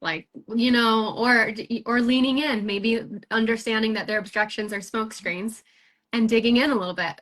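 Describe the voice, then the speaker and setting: A woman's voice: a little high, fairly even intonation, moderate pace, fairly bright tone. A woman hosting a casual recruiting chat for a sales team, upbeat and rambling, full of fillers and restarts.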